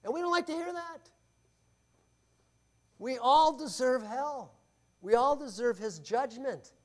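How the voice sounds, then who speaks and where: A male pastor delivering a sermon in a fairly high voice. He preaches emphatically, leaning hard on key words and then dropping into quiet asides, and keeps asking his congregation rhetorical questions. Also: slow.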